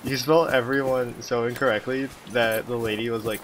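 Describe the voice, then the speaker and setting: A man's voice: mid-range voice, steady tone, normal speed, noisy background. A man giving loose, joking let's-play commentary while he plays. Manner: rambling, joking asides. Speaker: gamer. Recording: loud game sounds behind.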